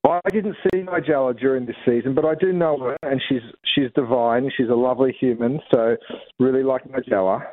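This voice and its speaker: A man's voice: medium pitch, brisk. Upbeat middle-aged man, mid-range voice, heard over a narrow phone line; chatty guest. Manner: upbeat, chatty, laughs easily. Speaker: celebrity chef guest. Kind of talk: casual phone interview.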